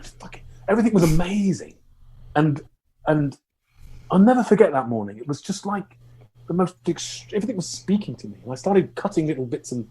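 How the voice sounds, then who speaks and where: Husky, animated man telling stories. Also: fairly high pitch. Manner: animated, swearing, laughing through anecdotes, many restarts. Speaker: guest. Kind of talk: candid storytelling in conversation.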